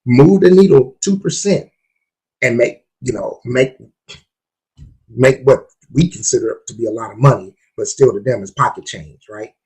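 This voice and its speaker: A man hosts a podcast on investing. His voice is husky and slightly rough. He talks in an emphatic, preachy way and repeats points for effect. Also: medium pitch, normal speed, darkish tone, low-quality recording. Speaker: podcast host. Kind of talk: casual podcast talk on investing.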